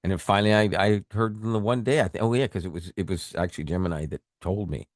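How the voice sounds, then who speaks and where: A man co-hosting a tech podcast in casual chat, animated, often laughing and repeating words. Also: on the low side, fast talker, no echo, studio quality. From Canada. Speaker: podcast co-host.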